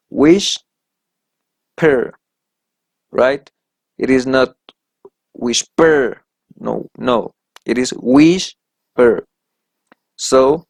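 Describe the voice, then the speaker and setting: A man with Spanish as his first language teaches an English grammar lesson at an unhurried pace. His voice sits mid-range for a man and sounds dry and close. He explains each rule methodically and keeps checking that his students are following. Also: medium pitch, darkish tone, no room sound. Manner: methodical, checks in with "right?" after each point.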